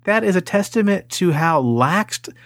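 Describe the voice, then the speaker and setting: A man in his thirties, co-hosting a podcast, telling a crude story in a lively, laughing way. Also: sits high, a little slow, no echo, studio quality. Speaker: podcast host. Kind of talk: casual storytelling chat.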